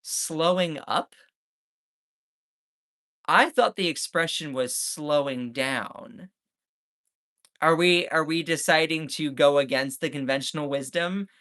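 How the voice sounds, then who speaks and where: Sarcastic man with a bright voice. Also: on the high side, measured pace. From Southern United States. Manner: sarcastic, mocking. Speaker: political commentator streamer. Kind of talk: ranting live-stream commentary.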